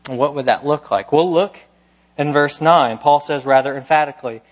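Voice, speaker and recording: A man's voice: fairly high pitch, moderate pace, long reverb tail. A man preaching a sermon as pastor, emphatic and full of rhetorical questions.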